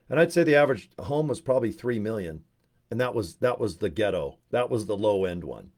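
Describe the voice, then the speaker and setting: A man rambling and joking on a livestream, swearing freely and telling animated stories. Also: mid-range voice. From Utah. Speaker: network marketing presenter.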